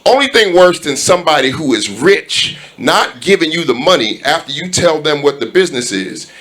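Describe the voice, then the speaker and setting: Bright-voiced man telling stand-up stories. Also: fairly high pitch, moderate pace, few pauses. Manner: animated storyteller, acts out quoted dialogue. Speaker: stand-up comedian. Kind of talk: stand-up storytelling. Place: comedy club stage.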